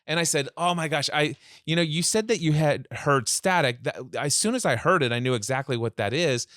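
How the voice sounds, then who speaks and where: A man telling a story in a podcast interview as a mindset coach, acting out both sides of a phone call in lively voices, speaking over a remote call. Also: on the high side, brisk, no echo, clean studio sound.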